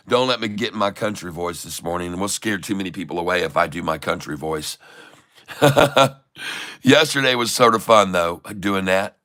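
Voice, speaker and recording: Bright-voiced folksy man on a trading stream. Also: lowish voice, a little slow. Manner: folksy, chatty, talks to viewers as folks; reads out price numbers in runs. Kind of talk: live-stream trading commentary.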